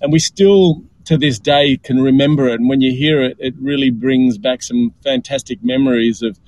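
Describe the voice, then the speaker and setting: A man's voice: medium pitch, fairly even intonation, moderate pace, darkish tone, muffled recording. A man with an Australian accent, talking enthusiastically in a casual podcast chat and often repeating words.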